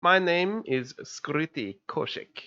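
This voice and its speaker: A man voicing a calm, wry male wizard who can shapeshift, speaking in a measured, slightly formal way over a dull lo-fi mic. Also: fairly high pitch, voice pushed up, exaggerated voice.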